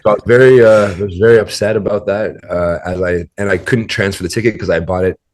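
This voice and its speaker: A man's voice: sits low, fairly even intonation, fast talker. A man as a podcast guest, telling a story in a rambling, casual way full of fillers and restarts.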